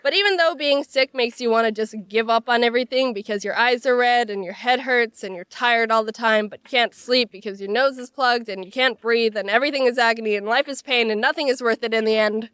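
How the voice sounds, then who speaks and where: A young woman with a stuffy, nasal voice from a cold, narrating funny stories with sarcastic, animated delivery. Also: a little high, clear, resonant tone, no echo, studio quality. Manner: animated, sarcastic, quick jokes. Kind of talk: comedic storytelling narration.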